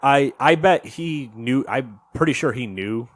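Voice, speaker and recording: A man co-hosting a casual podcast chat, telling a story in an animated way and acting out what people said. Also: medium pitch, unhurried. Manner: animated storytelling, acts out quotes. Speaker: podcast co-host.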